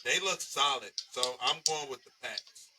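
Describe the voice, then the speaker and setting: A man's voice: medium pitch, lively intonation, normal speed, background noise. A man talking as a podcast guest, making slangy, boastful football trash talk. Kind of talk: casual sports podcast banter.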